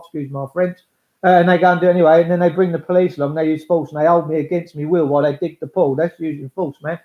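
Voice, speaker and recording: A coarse, blunt Englishman rambles on, swearing freely and slipping into little acted-out voices. His voice sits a touch high for a man. The recording is dull and lo-fi, with a roomy echo around him. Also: darkish tone. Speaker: speaker addressing listeners. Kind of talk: rambling monologue.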